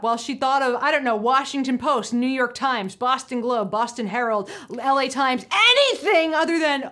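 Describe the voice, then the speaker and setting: A woman in casual onstage conversation, animated and profane, often acting out quotes in mocking voices. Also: sits high, normal speed, few pauses. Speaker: panel guest.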